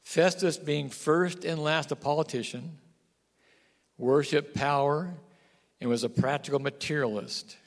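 A man's voice: a little high, a little slow, in a large hall. A male pastor preaching a sermon, stressing points by repeating them and asking the congregation questions. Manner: animated, repetitive emphasis, asks the congregation questions.

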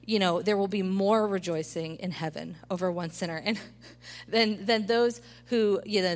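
A woman in her thirties delivers a midweek sermon with a bright, clear tone and a middling pitch. She tells stories in an animated, conversational way and keeps turning to her listeners with "right?". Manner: animated storytelling, asks the room "right?" often. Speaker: preacher. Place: church service.

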